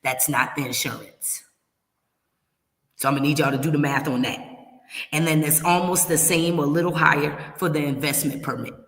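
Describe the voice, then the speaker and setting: A woman's voice: sits low, steady tone, normal speed, fairly bright tone. Emphatic woman, roomy echo. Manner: emphatic, repeats warnings, talks straight to viewers. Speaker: relocation services host. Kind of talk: livestream advice talk. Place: her home in Kenya.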